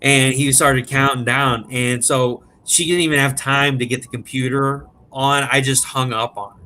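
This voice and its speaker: A man telling a prank story in animated, casual, profane chat as a podcast guest. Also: medium pitch, normal speed. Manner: animated, profane, laughs at his own story.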